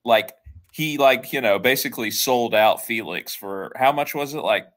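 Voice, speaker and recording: A man hosting a casual film podcast, talking in a relaxed, chatty way with many fillers. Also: mid-range voice, normal speed. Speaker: podcast host.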